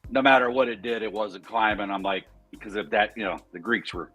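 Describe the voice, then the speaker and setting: A man's voice: lowish voice, a little fast, a bit bright, husky, soft background music. A man on a trading panel, telling a long rambling story in casual chat and correcting himself as he goes. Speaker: trader on a panel.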